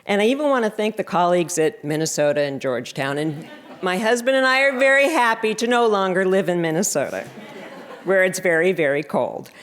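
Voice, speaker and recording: Woman around fifty, dry jokey thank-you speech, lowish voice, library reception. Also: animated, a little fast. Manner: sarcastic, self-deprecating humor. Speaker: award recipient giving thanks. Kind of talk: acceptance speech.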